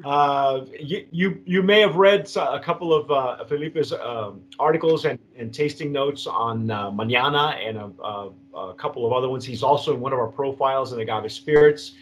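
A man's voice: mid-range voice, normal speed, few pauses. A man from Texas hosting a casual tasting chat over a video call, rambling with many restarts and fillers. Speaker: host.

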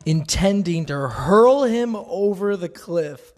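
A man's voice: high voice, big pitch swings, extremely slow, a little mellow. A man giving a casual devotional talk, earnest and conversational, often laughing. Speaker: Christian speaker.

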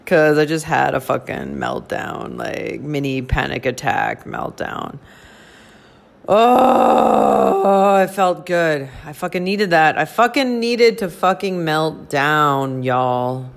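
Woman host, unfiltered profane vent, slightly low voice, tired and laughing. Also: slow, gravelly, hardly any pauses. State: tired and overwhelmed. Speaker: podcast host. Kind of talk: casual venting monologue.

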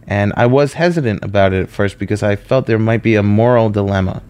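A comedian telling a personal story in a conversational, self-deprecating way. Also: male voice, lowish voice, fast talker, few pauses, darkish tone, clean tone.

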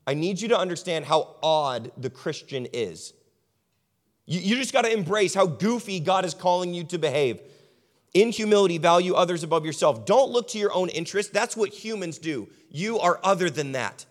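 A man preaching a sermon as pastor, building repeated lists and dropping his voice low and quiet for emphasis. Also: lively intonation, normal speed, big-room sound.

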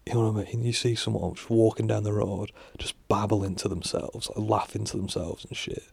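A man's voice: lowish voice, steady tone, a little fast, a little mellow, dry recording. A man talking to camera in a casual rambling monologue, musing with lots of fillers and restarts and casual swearing. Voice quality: gravelly, husky. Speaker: vlogger.

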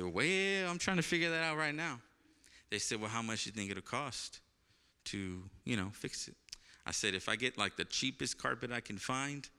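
A male pastor tells a personal story from the pulpit, acting out the voices of the people in it before dropping into hushed reverence. His voice is very bright and crisp. The sound carries the long echo of a church hall. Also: medium pitch. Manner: animated storytelling, acts out voices, laughs often, turns quiet and reverent. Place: church sanctuary.

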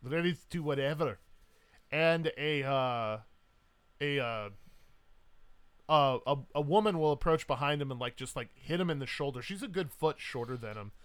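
A man narrating a tabletop game as game master, in a casual, lively way full of fillers. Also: medium pitch, moderate pace, clean tone.

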